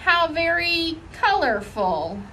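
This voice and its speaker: A woman's voice: very high-pitched, big pitch swings, takes it slowly, pushed and bright, slight background noise, voice pushed up, full character voice. A woman doing a prim, stiff grandmother. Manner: prim and clipped.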